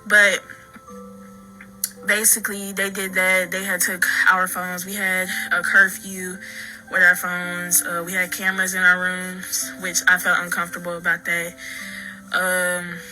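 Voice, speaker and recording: A woman recounting her own story in halting, earnest talk full of restarts and fillers. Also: on the low side, bright, forceful tone, poor audio. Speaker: daughter telling her story. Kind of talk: personal account.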